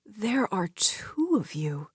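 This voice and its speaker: A woman reading an audiobook, voicing a shocked middle-aged mother who stammers in a slow, breathy whisper. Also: medium pitch, lively intonation, no room sound, clean studio sound. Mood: stunned.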